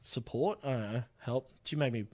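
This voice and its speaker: A man's voice: medium pitch, animated, normal speed, darkish tone. A man who is a comedian guest on a podcast, telling a story in casual chat with frequent laughs and swearing.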